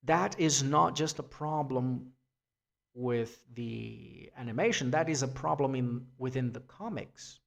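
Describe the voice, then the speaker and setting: A man's voice: medium pitch, a little slow, gravelly, a bit bright. A man giving a free-form spoken essay, rambling with restarts and casual swearing. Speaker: essay vlogger.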